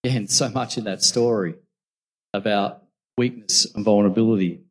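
A man's voice: fairly low pitch, fairly even intonation, moderate pace. A man preaching a sermon, reading scripture and then reflecting on it in a conversational storytelling way. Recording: long reverb from a large hall.

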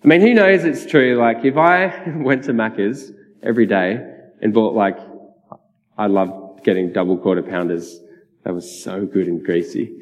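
A man's voice: on the low side, moderate pace. Man preaching in a reverberant hall. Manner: casual and chatty, with many fillers and frequent laughs. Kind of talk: personal testimony sermon. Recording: dull, reverberant hall sound.

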